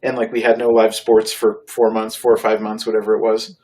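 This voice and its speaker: A man's voice: lowish voice, completely flat delivery, a little fast, a little mellow. Rambling man in casual chat. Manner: rambling, self-deprecating. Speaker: podcast co-host.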